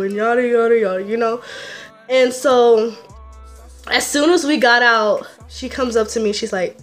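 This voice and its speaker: A teenage girl vlogging a casual storytime, animated and laughing as she tells it. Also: fairly high pitch, normal speed. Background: faint music.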